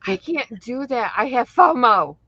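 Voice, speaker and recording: A woman co-hosting a live stream, chatting and reacting with quick exclamations and laughs. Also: a little high, expressive, pushed and bright, breathy edge, no echo. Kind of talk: casual chat. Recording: dull lo-fi stream audio.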